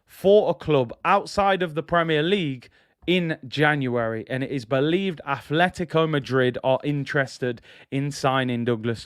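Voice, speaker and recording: A man's voice: medium pitch, smooth, no echo, studio quality. A man hosting a casual football fan livestream, chatty and slangy. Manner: chatty, slangy, laughs at own jokes. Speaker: football channel host.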